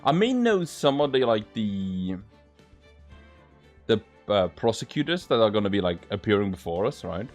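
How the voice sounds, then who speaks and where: A man's voice: fairly low pitch, sing-song, normal speed, faint music behind. A man hosting a casual let's-play, rambling with lots of filler words. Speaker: gaming channel host.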